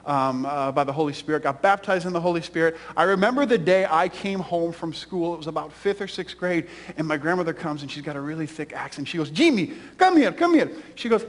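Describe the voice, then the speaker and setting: Emphatic high-voiced male preacher. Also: fast, hardly any pauses, big-room sound. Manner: emphatic, repetitive preaching cadence. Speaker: pastor. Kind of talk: sermon.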